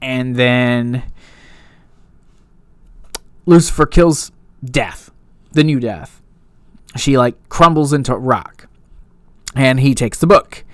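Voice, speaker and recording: A man's voice: medium pitch, slow, pauses often, dry recording, studio quality. A man giving a casual, rambling recap and review of a TV episode, full of fillers and asides.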